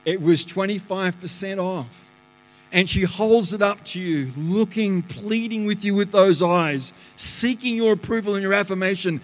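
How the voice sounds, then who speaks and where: A man, a pastor preaching a lively sermon that swings between loud bursts and hushed asides, in a church auditorium. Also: high-pitched, normal speed. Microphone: live stream stage mic. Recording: live church hall reverb.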